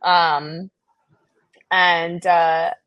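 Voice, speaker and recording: A woman's voice: lowish voice, drawn-out words, dry recording, highs cut off. Chatty young woman playwright, dry sound. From New Jersey. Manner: animated, chatty, many fillers and laughs. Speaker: playwright guest. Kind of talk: casual storytelling interview.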